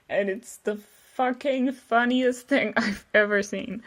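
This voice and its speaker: A young woman talks slowly through her old artwork in a loose, self-mocking way. She swears freely, breaks into laughter and trails off mid-thought. Her voice sits at an everyday middle pitch. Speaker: vlogger. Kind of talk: casual commentary reviewing old artwork.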